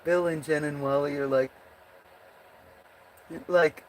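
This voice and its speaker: A woman's voice: low voice, steady tone, slow pace, a little hiss or hum. A woman hosting a casual livestream, chatting with viewers in a rambling way and often breaking into giggles. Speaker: livestream host.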